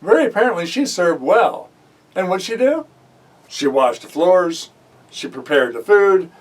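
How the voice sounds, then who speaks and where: High-voiced preacher, off-mic. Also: male voice, measured pace. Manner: animated storytelling, acting out the voices of biblical figures; drives points home by repeating phrases. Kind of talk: sermon. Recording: voice heard from a distance off the mic.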